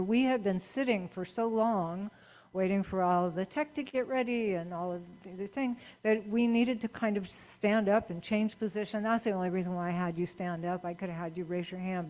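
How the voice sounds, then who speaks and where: A woman's voice: medium pitch, poor audio. Chatty middle-aged woman giving a talk. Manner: warm, personal, chatty with lively emphasis. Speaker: guest speaker at writers' guild. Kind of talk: talk to a writers' meeting. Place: meeting room.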